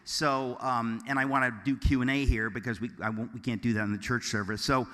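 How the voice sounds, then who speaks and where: A man giving a speech to a live audience, mixing deadpan mock-offensive jokes with earnest, rambling remarks. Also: mid-range voice, brisk. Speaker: keynote speaker. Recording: long hall reverb.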